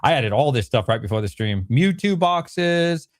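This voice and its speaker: A man's voice: medium pitch, lively intonation, normal speed, dry recording, studio quality. A man casually running through card products on a live stream, chatty and rambling, correcting himself as he goes. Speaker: Pokemon card seller streaming.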